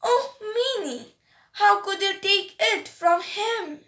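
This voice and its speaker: A woman's voice: very high voice, lively intonation, takes it slowly, voice pushed up, full character voice. A woman voicing an alarmed, scolding mother in a storybook reading, in a roomy, echoey recording. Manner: scolding, shouting. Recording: roomy echo.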